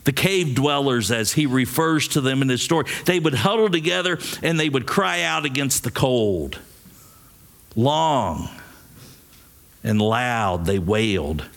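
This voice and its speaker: A man preaching a sermon, reading a story aloud in a slow, dramatic way. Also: mid-range voice. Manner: slow, dramatic, acts out quoted voices. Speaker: pastor.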